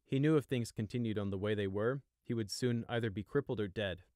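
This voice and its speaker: A man reading a story aloud in a steady, even storytelling voice. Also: on the low side, a little fast, no room sound, clean studio sound. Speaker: audiobook narrator. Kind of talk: storybook narration.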